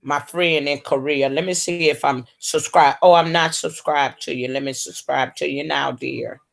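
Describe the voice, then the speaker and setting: A woman with a low, gravelly voice and fairly even intonation hosts a casual livestream, drawling slowly and calling her viewers "baby" and "honey" among other terms of endearment.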